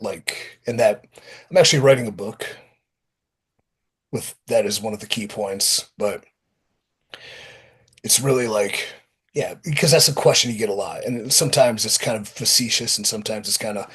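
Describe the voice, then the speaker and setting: A man being interviewed as a pro wrestler guest, talking in a blunt, profane, lively storytelling way. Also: fairly low pitch, husky. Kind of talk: casual interview talk.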